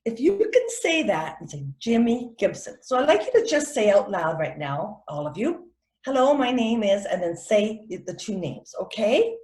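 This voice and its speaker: A middle-aged woman teaching etiquette to children and parents in an animated way, often acting out quoted voices. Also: medium pitch, normal speed, hardly any pauses, roomy sound. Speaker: etiquette instructor.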